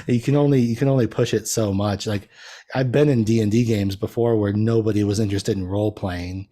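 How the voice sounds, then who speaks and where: A man talks as a guest on a podcast, his voice sitting low with a mellow, dark tone. He rambles easily through casual conversation, often laughing at himself. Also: steady tone, a little fast. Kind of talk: casual chat.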